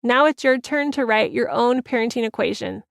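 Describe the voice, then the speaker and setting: A woman's voice: a little high, moderate pace, gravelly, no echo, studio quality. A woman parenting coach reading her own book aloud, giving direct, encouraging instructions.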